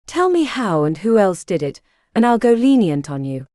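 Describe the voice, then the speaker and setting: A woman's voice: mid-range voice, big pitch swings, normal speed, warm tone, no echo, clean studio sound, lightly acted. A woman reading the part of an arrogant male hospital doctor who speaks with contempt and threats. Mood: threatening.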